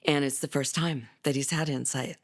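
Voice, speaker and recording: This woman's voice is steady in tone and normal in speed. She's a middle-aged mother telling her son's story in a documentary interview, loosely and with fillers and restarts, and she gets livelier and higher whenever she voices someone else.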